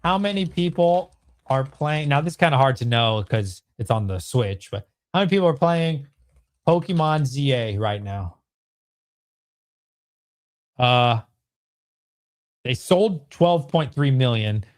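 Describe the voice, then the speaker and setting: Lively ranting man in his thirties. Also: medium pitch, a little slow, pauses often. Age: 30s. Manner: excitable, swears a lot, ranting at chat. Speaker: streamer host. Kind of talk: livestream Q&A chat.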